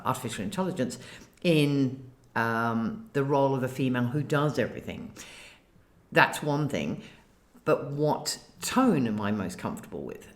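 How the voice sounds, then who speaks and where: Measured speaker, deliberate with pauses. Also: mid-range voice, fairly bright tone. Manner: measured and deliberate, many ums. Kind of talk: casual chat.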